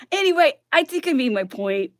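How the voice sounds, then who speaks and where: A woman's voice: high-pitched, dry recording, studio quality. A woman blogger on a casual, worked-up rant who keeps asking "okay?" and laughs between her points.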